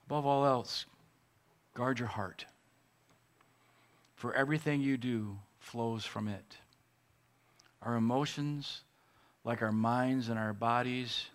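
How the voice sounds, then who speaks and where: Male pastor, earnest sermon testimony, emotional with deliberate pauses. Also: mid-range voice, a bit bright.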